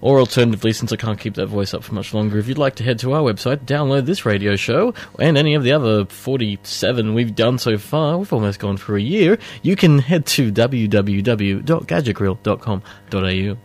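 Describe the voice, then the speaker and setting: A man's voice: mid-range voice, animated, a little fast, few pauses, darkish tone. A man hosting a community radio show, jokey and rambling, stumbling over his words. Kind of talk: casual banter on community radio.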